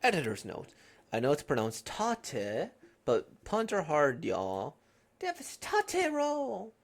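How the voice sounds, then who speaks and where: A woman who voices every role in a fan dub of an anime, jumping between pitches for each figure. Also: big pitch swings, slow. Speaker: voice actor dubbing all parts.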